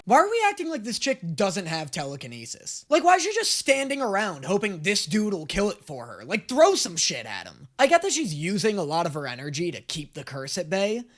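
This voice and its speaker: A young man giving casual, jokey and crude anime reaction commentary, getting excitable. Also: sits high, fairly quick, few pauses. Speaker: reaction video host.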